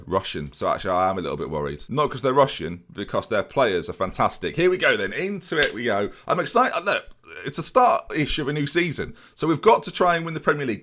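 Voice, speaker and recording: Male let's-player, lively swooping pitch, mock-grumpy asides to viewers. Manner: animated, self-mocking, talks to viewers. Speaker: gaming YouTuber. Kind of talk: let's play commentary.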